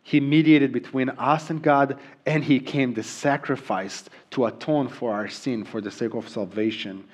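Pastor with a thick Israeli accent. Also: male voice, medium pitch, normal speed, slightly rough. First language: Hebrew. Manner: earnest, with frequent ums and restarts. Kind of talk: sermon.

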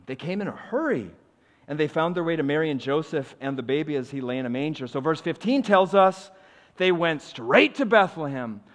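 A male pastor preaching a sermon in a church, earnestly swinging between loud emphasis and quiet, confiding asides. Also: fairly high pitch. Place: church sanctuary. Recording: long reverb of a large hall.

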